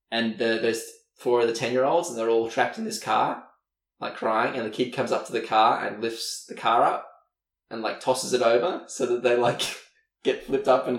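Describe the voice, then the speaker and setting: A man co-hosting a podcast in casual chat, animatedly retelling a TV episode and laughing often. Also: medium pitch. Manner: animated storyteller, laughing often, acts out characters' lines. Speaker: podcast co-host. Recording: roomy, distant mic.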